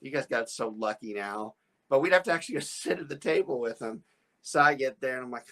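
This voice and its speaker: A man's voice: medium pitch, animated, brisk, sharp tone. A man, a real estate broker, hosting a podcast and telling a story in a rambling, stammering way with frequent laughs. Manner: rambling, with many restarts and stammered repeats; laughs often while telling stories.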